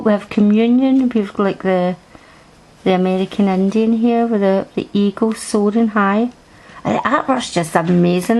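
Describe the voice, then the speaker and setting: A woman's voice: mid-range voice, darkish tone, poor audio. A woman chatting through a card deck review at home, rambling and restarting her sentences. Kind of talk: casual show-and-tell review. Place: at home, indoors.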